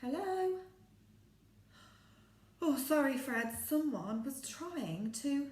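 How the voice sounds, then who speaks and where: A woman with an English accent teaching a phonics lesson to young children, with big gasps and drawn-out sounds. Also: high-pitched, expressive, darkish tone, roomy sound. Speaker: primary school phonics teacher.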